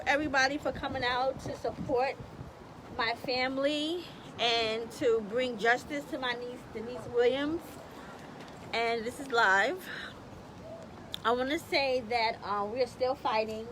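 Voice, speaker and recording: A woman speaking at an outdoor protest rally, addressing the crowd in a subdued, steady way about her family's loss. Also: fairly high pitch. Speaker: protest organizer, aunt of the deceased. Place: outdoors on a city street. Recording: noisy outdoor street recording.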